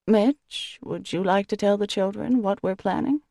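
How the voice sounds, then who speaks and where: A woman voices a gentle middle-aged mother, soft and apologetic, with a gravelly low edge. The sound is dry and close. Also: moderate pace, no room sound, close to an everyday voice. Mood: hesitant.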